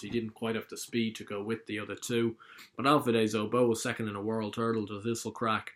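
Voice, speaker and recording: A man's voice: on the low side, fairly bright tone. A man giving his casual, opinionated views on the week's horse racing, often correcting himself mid-sentence. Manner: chatty, opinionated, self-correcting. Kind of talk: casual solo racing talk.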